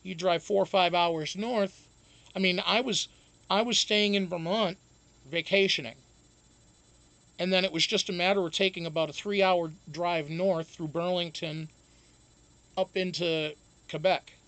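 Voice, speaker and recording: A man's voice: high-pitched, steady tone, unhurried, pauses often, fairly bright tone, no room sound. A man hosting a casual live stream, talking in a rambling, profane way and laughing often. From United States. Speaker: show host.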